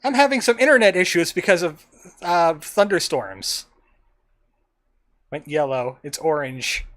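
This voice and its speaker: A man's voice: on the high side, lively intonation, measured pace, a bit bright. Chatty man streaming a game. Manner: rambling, chatty, self-talking. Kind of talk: casual gameplay commentary.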